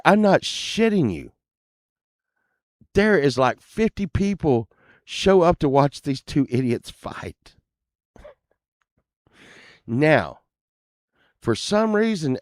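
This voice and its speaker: Guy rambling thru a cussing story, slow talker, dry close sound. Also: medium pitch, no room sound. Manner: rambling, profane, laughs often. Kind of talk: casual storytelling.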